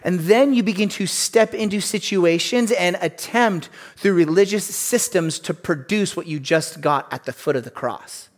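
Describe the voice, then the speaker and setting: A man's voice: sits high, normal speed, few pauses. A man preaching a sermon in a conversational way, with asides and jokes between scripture readings. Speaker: pastor.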